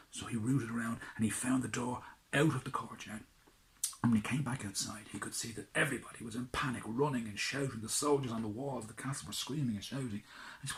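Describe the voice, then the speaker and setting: A man telling a children's story in a hushed, dramatic way, often dropping to a whisper. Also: fairly low pitch, fairly even intonation, fairly quick, slight background noise, low-quality recording.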